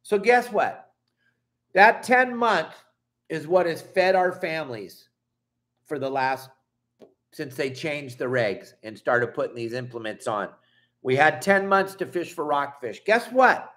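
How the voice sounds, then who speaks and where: A man's voice: on the high side, animated, unhurried, fairly bright tone. Angry fishing vlogger, middle-aged man. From Southern California. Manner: angry, emphatic, swears and apologizes. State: upset. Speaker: fishing channel host. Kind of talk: heated vlog rant.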